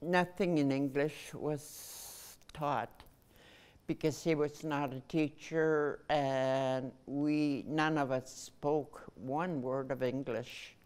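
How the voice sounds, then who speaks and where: Older woman, low voice, unhurried, smooth clear tone, pausing recollection. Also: fairly even intonation, darkish tone. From Nunavut, Canada. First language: Inuktitut. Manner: measured, pausing between phrases. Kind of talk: personal recollection.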